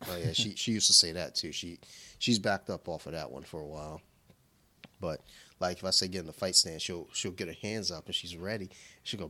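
A man's voice: sits low, a little fast, pushed and bright. A man in his thirties co-hosting a podcast, chatting casually and swearing freely over beer. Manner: laid-back, swears freely, quotes his daughter in voices. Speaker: podcast co-host.

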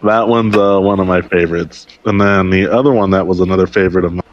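Male podcaster, deep voice, meandering storyteller who acts out quoted lines; muffled lo-fi audio. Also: steady tone, quick pace, crowd noise. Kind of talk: casual chat, retelling a TV episode. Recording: dull lo-fi recording.

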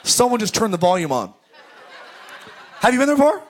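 A male pastor preaching a sermon at a church service, telling stories and breaking into shouted exclamations. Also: high voice, very animated, brisk, a faint crowd, slight background noise. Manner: storytelling, bursts into shouted exclamations.

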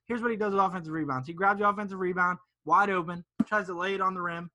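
A man's voice: sits high, quick pace, few pauses, bright, forceful tone. A man co-hosting a casual sports podcast, ranting emphatically. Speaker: podcast co-host.

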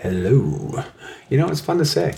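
Jokey man with a lively voice. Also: fairly high pitch, brisk, slight background noise. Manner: friendly, jokey, laughs a lot. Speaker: podcast co-host. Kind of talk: casual conversational podcast chat.

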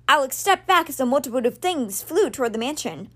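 A woman reading a novel aloud as host of a reading podcast, with steady, lightly expressive storytelling. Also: high-pitched, fairly quick. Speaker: book reader, podcast host.

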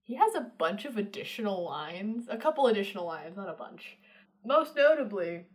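A woman's voice: mid-range voice, very animated, moderate pace. Chatty woman reviewing a film. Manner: chatty, laughs often, trails off mid-sentence. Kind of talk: casual chat.

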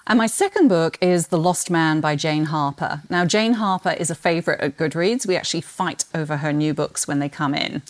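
A woman's voice: low-pitched, fairly quick, hardly any pauses. A woman from Britain with a British accent and a slight Australian twang, chatting animatedly about books as a podcast guest and laughing often. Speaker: guest, books marketing executive.

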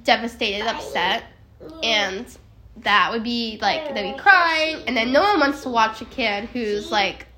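A woman's voice: a little high, unhurried, a crowd in the background. A young woman co-hosting a casual podcast from home, rambling with many fillers and restarts. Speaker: podcast co-host. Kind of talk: casual chat. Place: home, in California.

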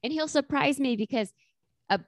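A woman's voice: sits high, moderate pace, no room sound, studio quality. A woman in her thirties chatting casually as co-host, acting out quotes with laughs. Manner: animated, acts out quotes with laughter. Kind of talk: casual chat.

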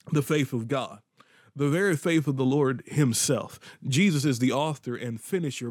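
A man's voice: medium pitch, a little mellow, dry recording, studio quality. A man preaching a podcast sermon, repeating phrases for emphasis and breaking into sudden whoops and exclamations.

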